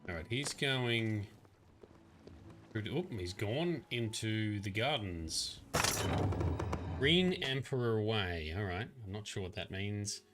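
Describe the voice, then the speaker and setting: A man's voice: on the low side, unhurried, over music. A man livestreaming a game with casual, chatty commentary, laughing often.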